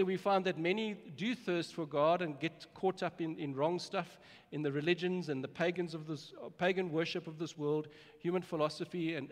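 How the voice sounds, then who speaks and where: A man preaching a sermon as pastor, earnest and emphatic, often repeating words as he starts a phrase. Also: on the high side. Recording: long hall reverb.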